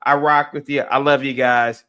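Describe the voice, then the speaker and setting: Bright-voiced streamer man. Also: medium pitch, little pitch movement, moderate pace, smooth. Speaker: streamer host. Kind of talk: live-stream shout-outs.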